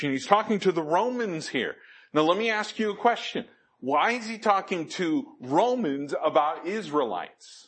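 A man preaches a sermon with emphatic delivery, quoting scripture and putting questions to the congregation. His fairly high voice has lively intonation, a fairly bright and slightly rough tone, and a normal speed.

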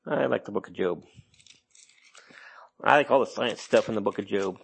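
A man's voice: on the low side, normal speed, vocal fry, fairly bright tone, husky. A middle-aged man preaching a sermon in a rambling, folksy way, full of restarts and jokes.

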